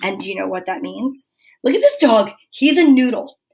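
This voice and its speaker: An older woman chats on a relaxed home live stream, her voice sitting a little high. She talks to the viewers and breaks into fond baby talk with her dog. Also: normal speed, creaky, breathy edge. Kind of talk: casual live stream chat.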